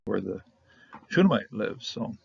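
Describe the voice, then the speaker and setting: A low-voiced man with a gravelly edge teaches Hebrew grammar in a loose, rambling way, repeating words and chuckling often. The recording sounds dull and lo-fi. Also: big pitch swings, a little slow, no echo. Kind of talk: casual Bible language lesson.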